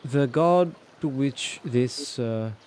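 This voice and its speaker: Slow, deliberate game master. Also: male voice, medium pitch, darkish tone, a little hiss or hum. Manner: deliberate, unhurried. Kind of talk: narrating a tabletop game.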